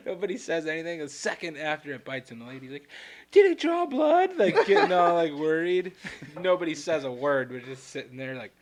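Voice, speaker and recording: A man co-hosting a casual podcast, telling animated stories with frequent laughter and casual swearing. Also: on the high side, brisk. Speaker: podcast co-host. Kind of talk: casual storytelling chat.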